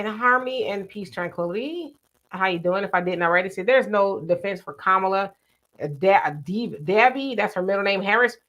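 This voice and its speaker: A woman's voice: mid-range voice, a bit bright. Casual woman reading live chat. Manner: reads viewer comments aloud and responds conversationally. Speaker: livestream co-host reading chat.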